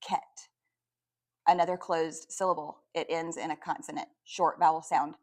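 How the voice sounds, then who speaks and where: A woman who teaches second grade, giving a phonics lesson for parents and slowly sounding out words one phoneme at a time. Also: sits low, level tone. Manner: slow, sound-by-sound modeling of phonemes.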